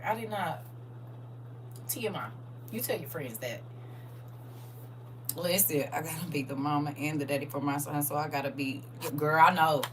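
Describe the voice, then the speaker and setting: A middle-aged woman with a St. chatting casually with viewers on a livestream, telling animated stories and acting out her own reactions. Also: lowish voice, moderate pace, far from the mic, slight background noise, poor audio. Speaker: livestream host.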